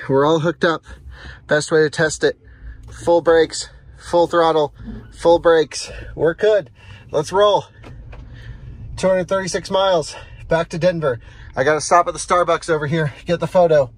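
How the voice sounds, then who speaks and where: A man's voice: on the high side, normal speed. A man hosting a road test, chatting casually as he tows a trailer and talks through each step. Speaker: host of an EV towing test. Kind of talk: casual vlog narration while driving and towing. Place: inside a truck and at a charging station. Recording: faint vehicle and outdoor noise.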